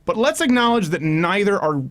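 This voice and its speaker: A man hosting a political talk show, animated and joking as he moderates a debate on a studio mic. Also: high-pitched, normal speed, no room sound. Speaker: podcast host.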